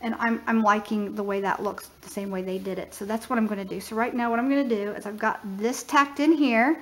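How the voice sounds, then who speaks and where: A woman's voice: mid-range voice, steady tone, a little fast, a little hiss or hum. A middle-aged woman chatting casually as she tours her half-finished house remodel, thinking aloud with fillers. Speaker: homesteading vlogger. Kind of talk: casual home tour narration. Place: house under remodel, indoors.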